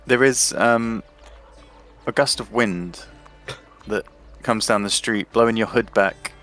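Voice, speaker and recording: A man narrating as dungeon master, measured with frequent ums. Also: on the low side, fairly bright tone, faint music behind. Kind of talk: tabletop game narration.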